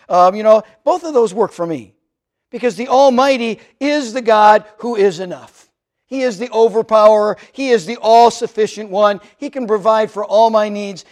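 A man's voice: sits high, a little mellow. A man preaching a sermon in a conversational way, often restarting words and acting out quoted lines. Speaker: pastor.

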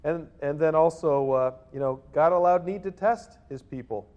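A man's voice: fairly high pitch, normal speed, few pauses. A man preaching a sermon as pastor, acting out little voices in his stories. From Northern California. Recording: dull lo-fi sound.

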